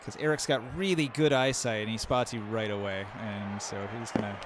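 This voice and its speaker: Male game master, relaxed stream narration, noisy recording. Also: lowish voice, brisk. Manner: loose, relaxed scene-setting with fillers. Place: home setup on a live stream. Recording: noticeable background noise.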